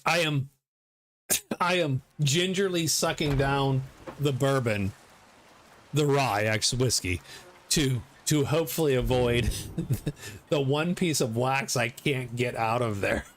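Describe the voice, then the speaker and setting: A middle-aged man giving live commentary on his gameplay, excitable, swearing and laughing often. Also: medium pitch, slow, pauses often, slight background noise. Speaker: game streamer.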